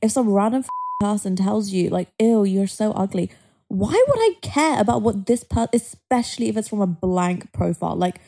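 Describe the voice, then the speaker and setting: A young woman with a warm, mellow voice co-hosting a casual podcast. She speaks bluntly and frankly, with offhand swearing. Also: medium pitch, a little fast, creaky. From Dubai. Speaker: podcast co-host. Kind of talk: casual chat.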